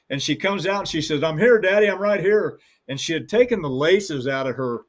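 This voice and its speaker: A middle-aged man who guides hunts with hounds, telling a long story in an interview in a folksy, rambling way and acting out the voices of the people in it. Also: on the high side.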